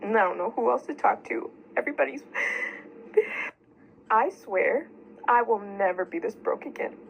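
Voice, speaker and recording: A woman's voice: fairly high pitch, lively intonation, a little slow, creaky, slight background noise, low-quality recording. A woman in her thirties, crying and distressed, venting about money to the camera. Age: 30s. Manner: distressed, breaking up. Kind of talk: emotional vent to camera.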